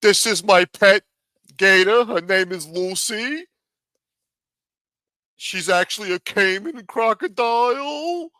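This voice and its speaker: Man doing a gator handler, raised pitch, slow show-off delivery, bright edgy tone. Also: no room sound, clean studio sound, exaggerated voice. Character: showy male gator-handler type.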